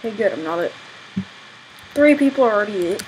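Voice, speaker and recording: A woman's voice: mid-range voice, animated, brisk, a little hiss or hum, poor audio. A young woman giving chatty, exasperated commentary on her own gameplay, exclaiming often. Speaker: gaming channel host.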